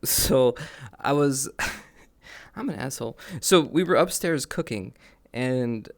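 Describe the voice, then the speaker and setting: A man's voice: mid-range voice, lively intonation, slow, vocal fry. A man live streaming, telling stories in casual chat, laughing and swearing often.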